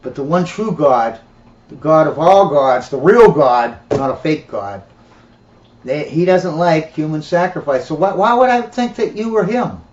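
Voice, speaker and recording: A man's voice: a little high, expressive, unhurried, darkish tone, slight background noise. A man voicing a grown father who laughs off a false god in a plain, incredulous way. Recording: dull, roomy recording.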